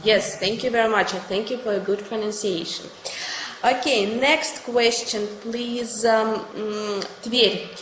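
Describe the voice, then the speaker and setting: A woman teacher whose first language is Russian, speaking English with a Russian accent and quizzing students in an online class, encouraging and quick to praise each answer. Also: on the high side, fairly even intonation, a bit bright. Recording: echoey room with faint noise.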